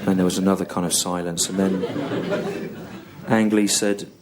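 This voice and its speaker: A man in his thirties with an English accent, telling a long story on stage in a slow, halting deadpan style full of pauses and repetition. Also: sits low, over a noisy crowd. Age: 30s. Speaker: stand-up comedian. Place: comedy venue on stage with audience laughter.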